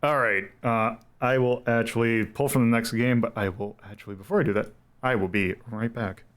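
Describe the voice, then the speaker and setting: A man's voice: mid-range voice, fairly even intonation, a little fast, a bit bright. A man hosting a retro game stream, talking casually and rambling, correcting himself and chuckling as he goes. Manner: rambling, self-correcting, chuckles between thoughts. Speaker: streamer host ranking retro games.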